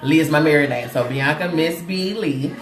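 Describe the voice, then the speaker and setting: Hosting a casual motivational livestream, a Chicago woman speaks at normal speed in a low voice. She laughs a lot, repeats herself, and addresses viewers directly, with reverberant sound and soft background music.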